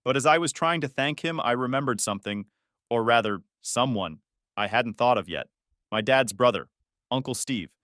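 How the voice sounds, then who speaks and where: A young man narrating a first-person story in an even, reflective way. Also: mid-range voice, normal speed, no echo, clean studio sound.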